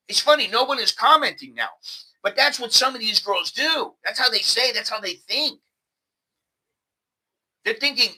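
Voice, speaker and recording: A man with an American accent hosting a casual, animated vlog monologue. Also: sits high, normal speed, long pauses, husky, poor audio. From United States. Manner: animated, conversational, repeats words. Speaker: host.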